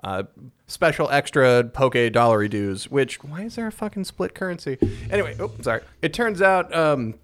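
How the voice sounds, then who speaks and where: A man's voice: a little high, expressive, moderate pace. A man co-hosting a podcast in casual chat, swearing freely and laughing as he riffs. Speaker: podcast co-host.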